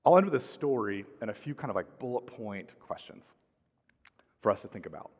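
A middle-aged man preaching a sermon as pastor, calm and measured, letting his phrase ends drop softly. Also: lowish voice. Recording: dull sound with long hall reverb.

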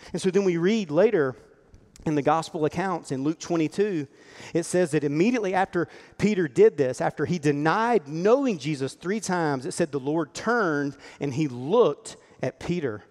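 A man's voice: fairly high pitch, animated, brisk, a little mellow. A man preaching a sermon in an earnest, conversational way, acting out the lines he quotes. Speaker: pastor. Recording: long hall reverb.

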